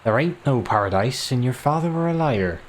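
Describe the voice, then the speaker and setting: A man's voice: medium pitch, lively intonation, normal speed, slight background noise, natural voice. A man voicing a taunting villainous pirate captain with a Yorkshire accent, read from a storybook. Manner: shouting taunts across the water.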